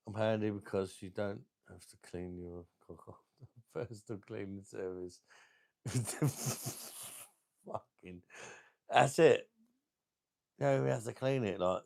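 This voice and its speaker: A man with a very low, gravelly voice, talking to his live-stream viewers while he reviews beers. He rambles crudely, stops often with ums, and jokes around casually. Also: a little mellow.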